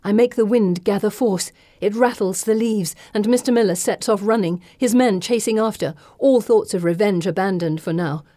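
A woman reading a first-person audiobook narration with an expressive, dramatic delivery. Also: medium pitch, moderate pace, hardly any pauses, no room sound, clean studio sound.

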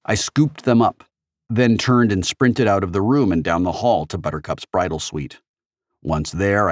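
Man, low pitch, steady narration, audiobook, dry close recording. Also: dry recording. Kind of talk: first-person scripted narration.

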